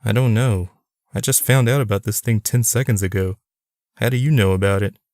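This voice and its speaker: A man's voice: lowish voice, fairly quick, a little mellow, no echo, clean studio sound, close to an everyday voice. A man voicing an awkward, hesitant man in his mid-thirties, in an audiobook.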